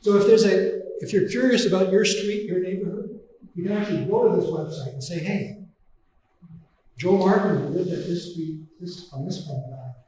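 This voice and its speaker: A man from Canada delivers a fervent, indignant lecture, pressing his points through repetition. His fairly high voice rings around a very reverberant hall. He sounds distant from the mic, with a faint hiss underneath. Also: normal speed, dark tone. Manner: impassioned, indignant, emphatic repetition. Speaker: guest lecturer. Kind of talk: public lecture with slides. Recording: very echoey hall, voice from far off.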